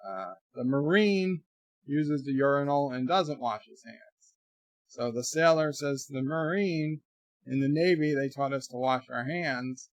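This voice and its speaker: A man's voice: medium pitch, unhurried, no room sound. An American man hosting a casual livestream from his bedroom, joking and rambling as he reads out viewer comments. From United States. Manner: joking, rambling, animated asides. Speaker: livestream host.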